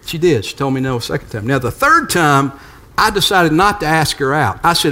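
An older male pastor delivers a sermon in a conversational, storytelling way, slipping in light humor. His voice sits somewhat high for a man. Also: expressive, a little fast, sharp tone.

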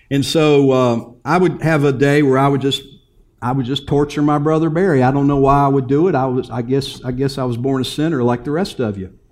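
Middle-aged man preaching with emphatic swings. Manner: preaching, shifting from loud emphatic lines to low quiet asides; storytelling with humor. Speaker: pastor. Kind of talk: sermon.

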